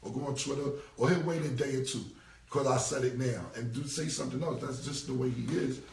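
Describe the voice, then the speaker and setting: This rapper in his forties rants loosely on a livestream, swearing, stressing his points, and circling back to them. His mid-range voice is fairly quick, creaky, and slightly dark. The phone is held away and records him from a distance, leaving a roomy echo.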